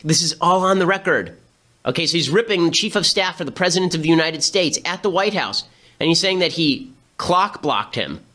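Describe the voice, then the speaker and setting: A man delivers a quick political commentary monologue, full of sarcasm and disbelief. His voice sits somewhat high for a man. It has a bright, forceful edge. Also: lively intonation. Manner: fast, sarcastic and incredulous.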